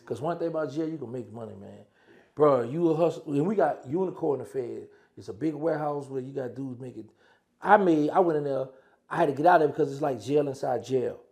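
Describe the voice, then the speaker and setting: A man with a gravelly, rough-edged voice recounts his years inside in a loose, conversational way. He acts out old phone calls as back-and-forth dialogue, switching voices as he tells them. His pitch sits in an ordinary middle range. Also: brisk, a little mellow. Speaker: former prisoner telling his story. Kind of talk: casual storytelling.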